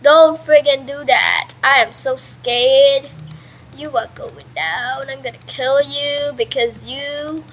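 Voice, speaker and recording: A young woman talking through her own game in a high, bright voice. She speaks at an unhurried pace, rambling between sudden excited yelps and mild curses. It is casual let's-play chatter from home. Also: a little hiss or hum, poor audio. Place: at home with a pet dog nearby.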